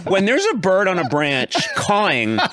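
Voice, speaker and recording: A man's voice: sits high, big pitch swings, moderate pace, a bit bright. A man joking through a film anecdote on a podcast, playful and silly, imitating sounds as he talks. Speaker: podcast host. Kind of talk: casual comedic podcast banter.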